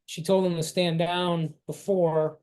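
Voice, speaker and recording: Man running a tabletop game, slightly high voice. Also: flat delivery, a little mellow, clean tone. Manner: halting, restarts while describing scenes. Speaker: game master.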